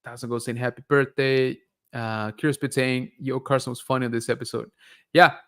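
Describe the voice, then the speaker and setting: A man hosting a live stream, reading viewer comments aloud and reacting in a relaxed, chatty way. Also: medium pitch, fairly quick. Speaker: livestream host reading viewer chat. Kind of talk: casual live-stream chat.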